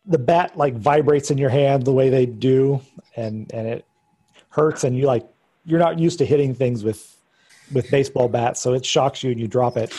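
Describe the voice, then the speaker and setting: A man narrating a tabletop game as game master, calmly describing scenes and patiently explaining rules. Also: medium pitch, normal speed, slightly rough.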